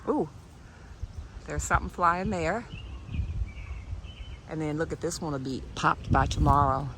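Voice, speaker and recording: A woman's voice: low voice, a little slow, noisy background. Chatty woman filming her yard. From United States. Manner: chatty, keeps addressing viewers as y'all, often drops to a soft hush. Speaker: vlogger. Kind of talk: casual chat to camera. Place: outdoors in her yard by a tree.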